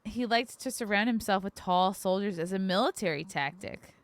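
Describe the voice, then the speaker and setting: A woman's voice: medium pitch, normal speed. A woman hosting a podcast, reading facts aloud in casual chat and cracking crude jokes. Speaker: podcast host.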